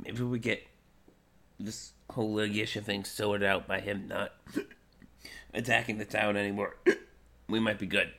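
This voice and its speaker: A man speaking a hushed, conspiratorial line in character during a tabletop game. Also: on the low side, little pitch movement, unhurried, creaky, long pauses, voice pushed down. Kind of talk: tabletop role-play, whispering in character.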